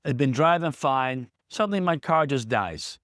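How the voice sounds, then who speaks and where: A man's voice: mid-range voice, animated, normal speed, fairly bright tone, no room sound, clean studio sound. A man who runs a small business, telling a candid personal story in a vlog, plain-spoken and reflective. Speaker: small business owner in recovery.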